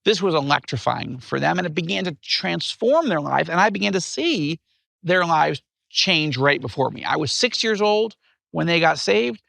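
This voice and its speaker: Gravelly, bright-voiced man telling his story. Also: on the high side, normal speed, no room sound. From upstate New York. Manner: animated storyteller. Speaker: guest author. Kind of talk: personal storytelling in interview.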